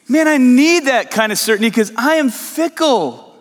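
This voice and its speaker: A man's voice: extremely high pitch, animated, moderate pace, big-room sound. A man preaching a sermon as a pastor, earnest and emphatic, often asking the listeners "right?". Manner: earnest, emphatic, repeats questions and asks "right?".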